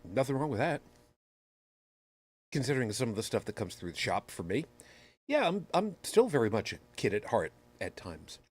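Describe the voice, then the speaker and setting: A man's voice: mid-range voice, big pitch swings, moderate pace, long pauses, slightly rough. Rambling man hosting a podcast. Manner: rambling, self-deprecating storyteller. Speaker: podcast host. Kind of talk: casual chat.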